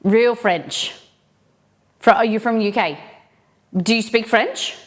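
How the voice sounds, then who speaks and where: A woman's voice: fairly high pitch, slow. A woman hosting a live cooking stream, chatting casually with viewers and greeting them by name.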